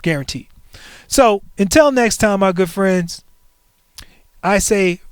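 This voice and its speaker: A man's voice: high voice, takes it slowly, clear, resonant tone, dry recording, clean studio sound. A man in his forties hosting a livestream, chatting casually in a playful, joking way and talking back to the chat. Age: 40s. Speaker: stream host.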